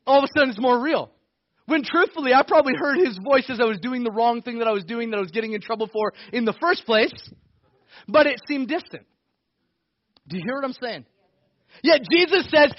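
Male pastor, conversational sermon, breaks into shouts; very high voice, close and dry. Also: fairly quick, no echo, highs cut off. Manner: energetic preaching with bursts of shouting; conversational, with laughs and self-corrections.

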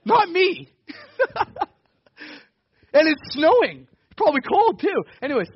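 A man preaching a sermon in a lively, conversational way, with bursts of shouting and frequent laughs. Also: very high-pitched, slow, no echo, lo-fi sound. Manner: conversational, with laughs and self-corrections. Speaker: pastor.

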